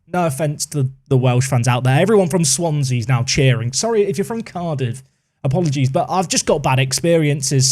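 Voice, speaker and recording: A man's voice: on the high side, darkish tone. A young man casually commentating on his own football management game, playful and sarcastic. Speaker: gaming YouTuber commentating his own play.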